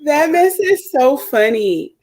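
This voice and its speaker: A woman speaks slowly and haltingly, sounding unsure of herself as she joins a livestream chat. Her pitch rises and falls widely as she goes. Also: big pitch swings, darkish tone. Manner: hesitant, self-conscious, halting. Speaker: guest.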